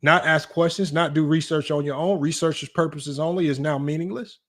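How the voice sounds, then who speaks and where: A man hosting a sports debate livestream, talking brashly and teasing his chat in quick casual commentary. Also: a little high, fairly even intonation, fairly bright tone. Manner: brash, rapid, teasing, talks straight to chat. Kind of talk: casual live-stream commentary.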